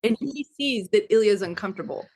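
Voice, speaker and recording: A woman's voice: medium pitch, expressive, brisk, a little mellow, slightly rough. A woman co-hosting a podcast, chatting casually and enthusiastically with lots of filler words. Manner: gushing and enthusiastic, many "like" fillers. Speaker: podcast co-host discussing a TV adaptation. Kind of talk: casual chat.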